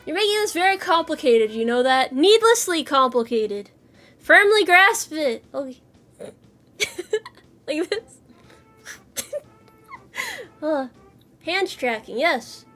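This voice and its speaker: Woman streamer, bright tense tone, animated casual chat, giggly. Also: high-pitched, slow, long pauses, faint music behind. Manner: playful, giggly, answers chat with bursts of laughter. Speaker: virtual streamer.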